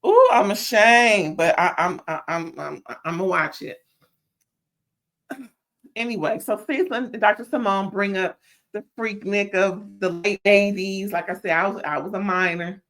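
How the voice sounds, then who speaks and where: A woman hosting a casual reality TV review, sassy and animated, calling listeners "child" and stammering when riled up. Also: medium pitch, moderate pace. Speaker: reality TV recap host.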